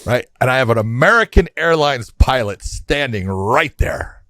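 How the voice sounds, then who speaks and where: A man's voice: mid-range voice, normal speed, dry recording. A middle-aged man, co-host of a combat sports podcast, telling a long travel story in casual chat and laughing as he acts out the exchanges. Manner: animated anecdotes, laughs often, acts out quoted exchanges.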